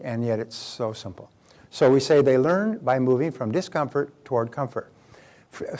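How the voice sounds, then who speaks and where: A man's voice: medium pitch, darkish tone. An older man, a motivational speaker, lecturing in an emphatic, repetitive way and telling anecdotes with acted-out quotes.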